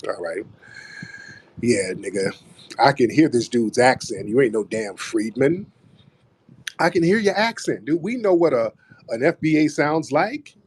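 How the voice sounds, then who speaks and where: A man's voice: medium pitch, animated, a little slow, long pauses, darkish tone, slightly rough. A man hosting a live online audio room, taunting a caller in a heated debate and calling him "brother" over and over. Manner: taunting, repeats "brother", mocking. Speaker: host.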